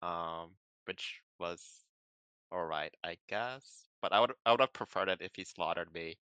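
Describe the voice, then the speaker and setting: A man talks loosely on a podcast, explaining things in a laid-back manner peppered with ums and likes. He speaks a little slowly in a crisp, bright, slightly low voice, captured close and dry without echo.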